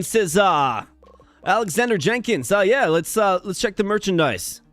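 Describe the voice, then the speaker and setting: A man's voice: sits high, animated, normal speed, fairly bright tone, dry recording, soft background music. A man streaming a management game live, chatting playfully with his viewers as he plays. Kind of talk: casual live-stream commentary.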